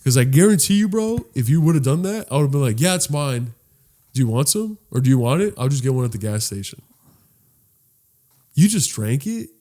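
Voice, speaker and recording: A young man co-hosting a podcast, telling a story in a loose, animated way, swearing freely and jumping high in pitch when he quotes people. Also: brisk. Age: young adult. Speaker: podcast co-host. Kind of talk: casual storytelling chat.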